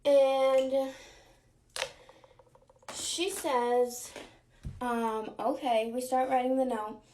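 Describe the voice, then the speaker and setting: A young woman, a mother, casually telling a family story and acting out the quoted lines in lively voices. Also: high voice, extremely slow, background noise. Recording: echoey room.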